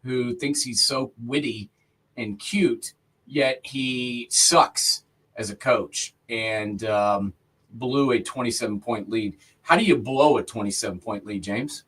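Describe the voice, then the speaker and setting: A man co-hosting a live college football talk show, ranting and telling stories in a casual, excitable way. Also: medium pitch, slow pace, husky, poor audio. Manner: excitable, ranting, retells stories with animated voices. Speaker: co-host.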